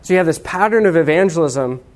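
A man's voice: on the high side, expressive, fast. Conversational male preacher. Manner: conversational and humorous, with restarts and asides. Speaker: pastor. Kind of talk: sermon.

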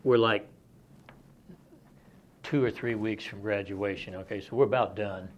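A man's voice: on the low side, fairly even intonation, measured pace. Man preaching a plain-spoken sermon. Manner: conversational, reads scripture aloud then explains it plainly. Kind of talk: expository sermon. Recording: dull lo-fi sermon recording.

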